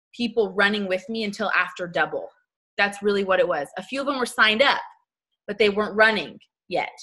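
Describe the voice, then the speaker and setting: A network marketing team leader gives her sales team a motivational talk in a bright, forceful, medium-pitched voice. She is blunt, chatty and heavy on slang, often acting out little scenes with quoted voices.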